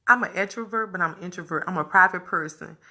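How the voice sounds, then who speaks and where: A woman's voice: lowish voice, moderate pace, pushed and bright. A woman vlogger talking candidly to her viewers, emphatic and repetitive, speaking to them directly.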